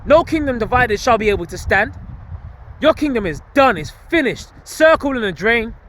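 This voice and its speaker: A man's voice: very high voice, lively intonation, moderate pace, a bit bright, slight background noise. A man preaching casually and emphatically while on a walk outdoors, with slang and frequent laughs. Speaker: street preacher vlogging. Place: outdoors on a walk among greenery.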